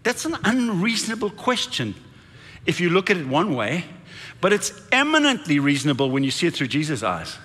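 Impassioned preacher with bright, soaring voice. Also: male voice, a little high, very animated, fairly quick, big-room sound. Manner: impassioned, dramatic build-ups with congregation call-and-response. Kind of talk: sermon.

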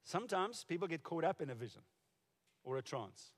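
Speaking fairly quickly and with great animation, a man in his forties or older uses a fairly high voice as he preaches. He's a pastor sharing stories in a conversational way, frequently starting sentences over, and the hall around him is reverberant.

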